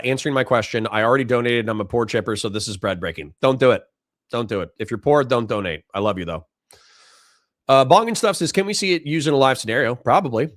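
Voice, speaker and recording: A young man streams casually, reading chat and answering in a blunt, profane way. His voice sits at an ordinary middle pitch. The sound is dry and close, with little room echo. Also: a bit bright. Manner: blunt, profane, reads donations aloud in mock voices. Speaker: livestream host reading chat.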